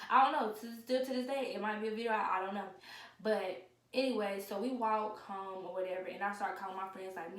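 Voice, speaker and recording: A young woman, casually telling a story and loudly acting out the people she quotes. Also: medium pitch, a little fast, recorded from a distance, music in the background. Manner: animated, acts out quoted voices loudly. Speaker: vlogger. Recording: echoey room, away from the mic, faint noise.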